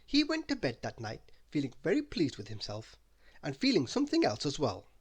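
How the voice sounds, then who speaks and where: A man reading a bedtime story aloud in an expressive, lively way. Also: fairly high pitch, fairly quick, slightly rough.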